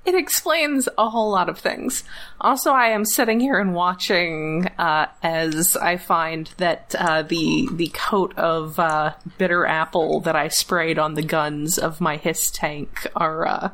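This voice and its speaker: A woman co-hosting a podcast in casual chat, talkative and quick to laugh, often restarting her sentences. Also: on the low side, fairly bright tone. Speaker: podcast co-host.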